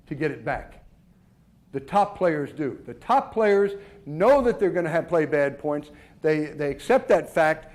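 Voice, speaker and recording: A man with a high voice teaching the mental side of tennis. He talks emphatically, answers his own rhetorical questions and stumbles into repeated words as he restarts. He sounds middle-aged. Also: a little mellow. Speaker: tennis coach. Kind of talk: instructional talk on mental game.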